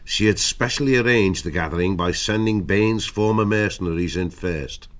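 A deep-voiced man narrates an audiobook with steady, measured storytelling. The audio is dull and lo-fi.

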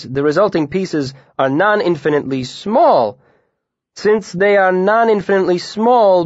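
A man's voice: high voice, dry recording, lo-fi sound, voice pushed up, close to an everyday voice. A man voicing an earnest young male student with an odd foreign accent, explaining carefully.

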